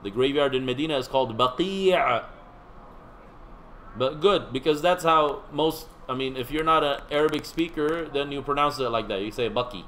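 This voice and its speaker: A man's voice: medium pitch, brisk, few pauses, fairly bright tone, slight background noise, rough recording. A man teaching a seminary class in a conversational lecture, quizzing his students and making joking asides.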